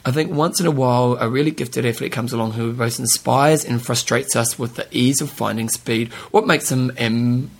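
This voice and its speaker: Casual co-host: man, husky gravelly voice, laughs a lot, reads notes aloud. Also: medium pitch, moderate pace, few pauses. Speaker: podcast co-host. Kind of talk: casual chat.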